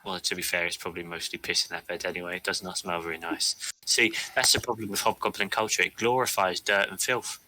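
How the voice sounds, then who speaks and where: Man voicing a low-voiced hobgoblin youth, very bright tone, naive, earnest, filthy. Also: fairly even intonation, fast, slight background noise. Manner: earnest, wide-eyed, formal yet clueless. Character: young hobgoblin Gorbag, filthy, naive, eager.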